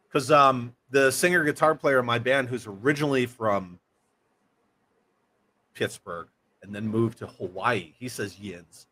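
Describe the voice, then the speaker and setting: A man hosts a relaxed livestream. He talks at an everyday middle pitch in a loose, easygoing way. He reads out viewer comments and keeps up a joking back-and-forth with his co-host. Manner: chatty, reads viewer comments aloud and jokes around. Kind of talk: casual livestream chat.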